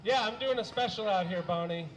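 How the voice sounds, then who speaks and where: A young man doing a deadpan stand-up set of one-liners, halting, with many uhs and some throat clearing. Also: high voice, low-quality recording. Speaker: stand-up comedian.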